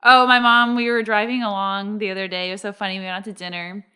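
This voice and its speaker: A woman's voice: mid-range voice, little pitch movement, fast, sharp tone, clear, resonant tone. A woman co-hosting a podcast, teasing her partner in dry, casual chat. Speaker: podcast co-host.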